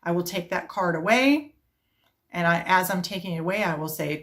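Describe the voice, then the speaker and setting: A middle-aged woman, an elementary music teacher, explaining her classroom routine step by step and chanting rhythm syllables to a steady beat. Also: on the low side, normal speed. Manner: explains step by step in a calm, practical way. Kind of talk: teaching video demonstration.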